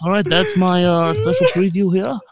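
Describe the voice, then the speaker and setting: A man's voice: high voice, huge pitch swings, moderate pace, exaggerated voice, rough recording. A man playing a fumbling late-night talk show host who halts and tacks "okay" onto nearly every phrase. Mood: rambling. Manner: breaks into off-key song snippets. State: short of breath. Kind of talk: comedy bit.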